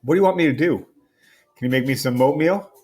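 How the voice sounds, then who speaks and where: A man voicing a plaintive five-year-old boy, with a slightly husky tone. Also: medium pitch, quick pace, darkish tone, lightly acted. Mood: whiny. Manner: pleading and plaintive. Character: whiny little boy, five years old.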